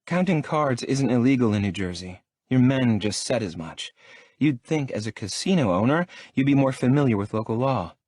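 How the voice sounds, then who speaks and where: A man's voice: mid-range voice, animated, normal speed, husky, no room sound, clean studio sound, voice pushed up. A man voicing a defiant young rebel woman. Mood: indignant. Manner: indignant, sharp-tongued.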